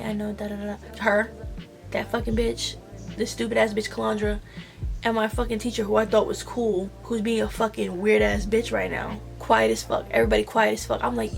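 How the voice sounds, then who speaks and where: A young woman telling an animated storytime about nursing school, swearing and acting out the dialogue. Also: fairly high pitch, fairly quick, vocal fry, soft background music. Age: young adult. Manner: animated retelling, swearing, slang-heavy. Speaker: vlogger. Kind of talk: storytime vlog.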